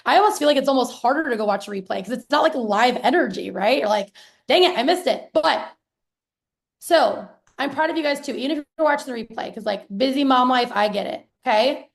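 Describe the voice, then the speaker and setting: A woman in her thirties coaches her viewers over a live stream, excited and chatty, with casual swearing. Her voice sits slightly high and has a gravelly fry to it. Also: brisk. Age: 30s. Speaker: business coach.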